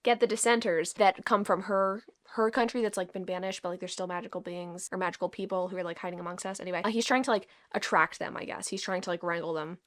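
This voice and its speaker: A woman's voice: lowish voice, fairly even intonation, fast talker, hardly any pauses. A woman with a Southern country accent talks casually to camera as a book vlogger. She is blunt and swears freely, peppering her talk with filler words. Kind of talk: casual chat.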